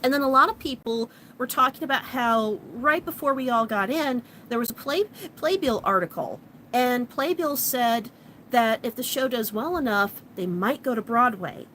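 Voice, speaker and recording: A woman's voice: on the high side, moderate pace, a little hiss or hum, low-quality recording. Chatty woman telling a story. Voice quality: chatty, animated retelling with frequent likes and laughs. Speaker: vlogger. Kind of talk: casual storytelling vlog.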